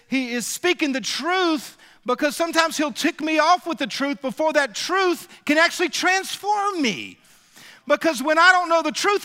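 A male pastor with a high, bright voice preaches in a church sanctuary. His voice carries a long reverb from the hall, and he builds to emphatic peaks and calls for the congregation to answer back. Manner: call-and-response preaching, rising to emphatic peaks. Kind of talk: sermon.

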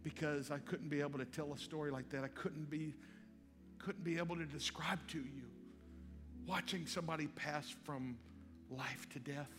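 Male pastor, lively storyteller, slightly high voice, live hall reverb. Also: moderate pace. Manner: animated storyteller acting out dialogue. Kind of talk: sermon storytelling. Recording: live hall with long reverb and faint music.

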